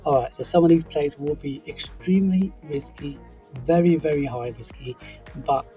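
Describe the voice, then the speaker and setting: A man with a sore, groggy throat, hosting an upbeat crypto chart commentary for his viewers. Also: mid-range voice. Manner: hyped, energetic, talks to viewers as "guys". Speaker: crypto channel host.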